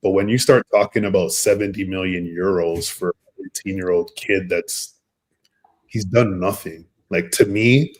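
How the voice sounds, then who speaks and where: A man's voice: deep voice, steady tone, moderate pace. A man from Canada on a football chat panel, giving long, frank, opinionated takes. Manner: opinionated, frank, reasoning at length. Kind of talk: casual football chat show.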